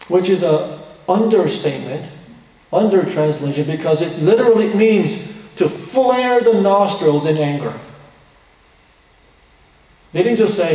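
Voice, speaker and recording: A man's voice: sits high, animated, a little slow, long pauses, warm tone. A man preaching a sermon, explaining a scripture story in an earnest way and asking his listeners rhetorical questions. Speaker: pastor. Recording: echoey hall from far off.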